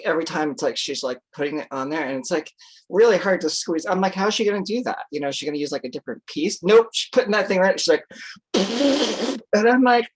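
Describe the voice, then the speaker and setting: Chatty rambling vlogger, salty language. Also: medium pitch. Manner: chatty, lots of fillers, swears freely, acts out its own reactions. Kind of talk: casual rambling storytelling.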